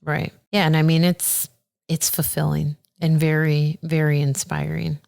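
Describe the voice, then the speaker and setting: A woman who is a circuit judge, talking earnestly and warmly as a podcast guest, getting animated when she quotes people. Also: low-pitched, measured pace, gravelly. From Aurora, Illinois. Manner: earnest and heartfelt, animated when quoting others. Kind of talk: casual interview conversation.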